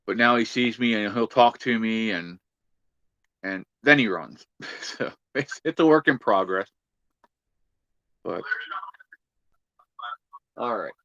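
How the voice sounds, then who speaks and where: A man's voice: on the low side, takes it slowly, long pauses, fairly bright tone, no room sound, highs cut off. A man hosting a casual livestream chat, easygoing and chatty, reading out viewer comments. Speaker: livestream host.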